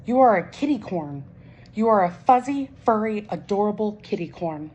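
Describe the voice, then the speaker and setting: A woman voicing a tiny female kitten who is sure she is a unicorn, with high squealing cries. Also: expressive, normal speed, darkish tone, muffled recording, slight background noise, lightly acted. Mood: delighted.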